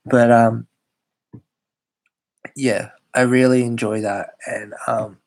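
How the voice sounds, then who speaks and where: A man's voice: medium pitch, flat delivery, slow pace. A young Australian man chatting casually on a live stream, rambling and hesitant with many fillers.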